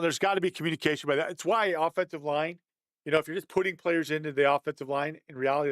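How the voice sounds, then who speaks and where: A man's voice: fairly high pitch, fairly bright tone, dry recording. A man giving a casual, conversational breakdown of football game film, thinking aloud and chuckling at mistakes.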